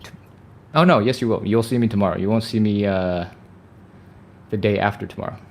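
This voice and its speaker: A man with a lowish voice leads a live stretching workout a little fast as the stretching coach. He is chatty and upbeat, sighing and laughing between cues.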